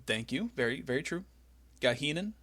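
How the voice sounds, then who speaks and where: A man hosting a podcast, excitedly recapping and telling the story in casual chat. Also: medium pitch, normal speed, no room sound. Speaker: podcast host.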